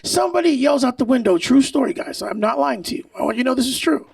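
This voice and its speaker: A man doing a stand-up comedy set on stage, brash and profane, shouting his punchlines and laughing at his own jokes. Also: extremely high pitch, expressive, fast, gravelly, breathy edge, no echo, distant mic. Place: comedy stage before a live audience.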